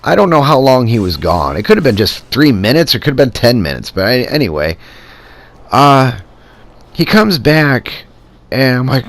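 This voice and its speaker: A man's voice: mid-range voice, moderate pace. A man telling a casual, rambling personal anecdote and acting out the quoted dialogue as he goes. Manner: animated, acts out quoted dialogue in rambling asides. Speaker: storyteller vlogger.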